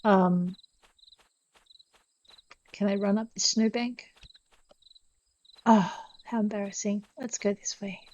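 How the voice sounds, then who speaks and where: A woman's voice: medium pitch, steady tone, slow pace, long pauses, darkish tone, muffled recording. A woman chatting casually to her viewers as she plays a game, self-deprecating and talkative. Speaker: gameplay narrator. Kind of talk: casual let's-play commentary.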